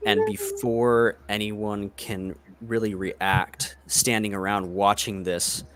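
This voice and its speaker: A man narrating a tabletop game as the game master, deliberate and slow. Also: lowish voice, level tone, a bit bright.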